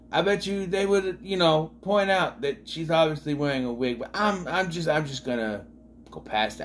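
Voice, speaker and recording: A man's voice: a little high, normal speed, slight background noise. A man reviewing an old comedy film in a casual vlog, rambling with restarts and fillers.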